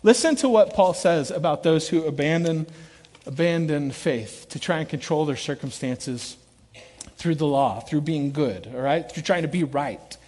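Middle-aged male pastor, high voice, big-hall reverb, storyteller's sermon that swings from loud quotes to hushed asides. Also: normal speed. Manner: animated storytelling, shifts between loud acted quotes and quiet earnest asides. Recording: long reverb of a large hall.

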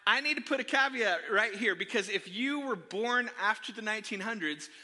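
A man's voice: sits high, moderate pace. A middle-aged man preaching a sermon, telling funny stories about himself and talking straight to the congregation. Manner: animated, self-deprecating, talks to the congregation. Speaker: pastor. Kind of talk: sermon with personal storytelling. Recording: long hall reverb.

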